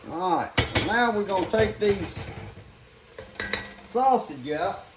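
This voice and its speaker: A man's voice: sits high, animated, slow, background noise. An older man, chatting folksily to viewers as he cooks at home. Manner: folksy, talks to viewers as "guys" while working. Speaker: home cook. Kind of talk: casual cooking demonstration. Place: home kitchen. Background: faint sizzling and clatter of pots.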